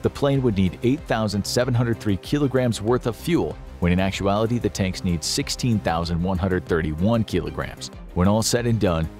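A man giving scripted narration of a dramatic story in a steady, storytelling manner. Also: lowish voice, moderate pace, hardly any pauses, soft background music.

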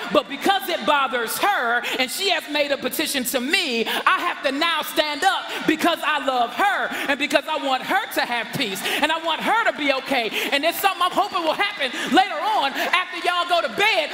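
A man preaching a lively sermon as pastor, shouting for emphasis and laughing along with his congregation. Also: very high voice, moderate pace, long reverb tail, some chatter behind. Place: church sanctuary. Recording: church sanctuary with congregation noise.

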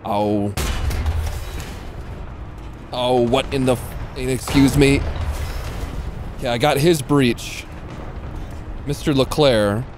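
A man's voice: medium pitch, slow, long pauses, over music. A man casually commentating his own live gameplay, slangy and swearing freely. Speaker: streamer.

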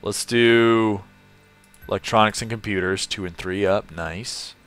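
A man's voice: on the low side, measured pace, a bit bright, clear, resonant tone, faint music behind. A man from California live-streaming a game, chatting casually, laughing often and greeting viewers in the chat.

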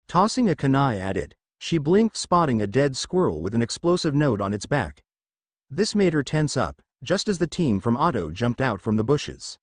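A man reading fanfiction aloud as a narrator, in a steady read-aloud delivery. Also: medium pitch, dry recording, studio quality.

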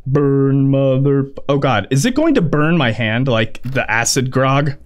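A man playing a video game and commenting, excitable and jokey, cursing and cheering at his own progress. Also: medium pitch, unhurried, faint music behind. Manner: excitable, swearing, joking to himself; blind gamer. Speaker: let's play gamer. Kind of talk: gaming commentary.

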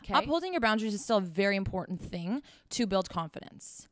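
Blunt, foul-mouthed woman with a smooth voice. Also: mid-range voice, sing-song, quick pace, few pauses, no room sound. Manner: blunt and profane, emphatic; direct, talks straight to the listener with repeated "okay?". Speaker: podcast host. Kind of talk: casual advice monologue.

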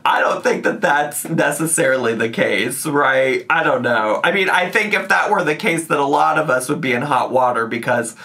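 A man's voice: fairly high pitch, lively intonation, normal speed, few pauses, bright, forceful tone. Guy rambling through a reaction vid, laughs a lot, says like and right constantly. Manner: chatty, rambling, laughs often, many "like" and "right?". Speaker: commentary YouTuber. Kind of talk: casual reaction commentary.

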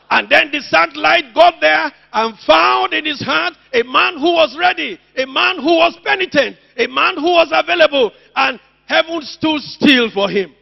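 A man's voice: extremely high pitch, vocal fry, sharp tone. A man preaching a sermon at a church service, calling out to the congregation with passion. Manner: impassioned, calls out to the congregation.

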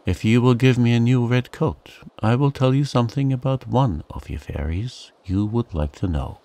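A man's voice: mid-range voice, normal speed, warm tone, voice pushed up, close to an everyday voice. A man voicing a boastful, greedy male goblin in a bedtime storybook, wheedling and insistent. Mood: pleading, boastful.

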